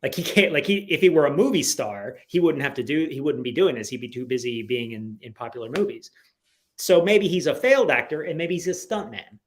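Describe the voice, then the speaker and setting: A man as a guest in a casual interview, talking in an animated, rambling way full of "like"s, on a video call from home. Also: fairly high pitch, brisk. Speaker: guest comic writer.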